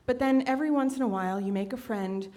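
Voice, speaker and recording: Onstage at a live storytelling event, a woman in her late twenties tells a personal story conversationally, packed with fillers, acting out quotes with big pitch jumps. She talks at a quick pace in a slightly mellow voice.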